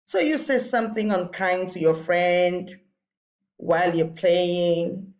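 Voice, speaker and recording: Woman teacher, unhurried lesson for kids, muffled lo-fi sound. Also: on the low side, a little mellow. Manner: patient, repeats points for young pupils. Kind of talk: recorded lesson for children.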